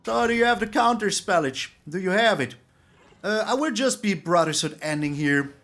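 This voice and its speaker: A man giving excitable gameplay commentary on a card game, exclaiming and repeating words for emphasis. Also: sits high, normal speed. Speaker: streamer playing a card game.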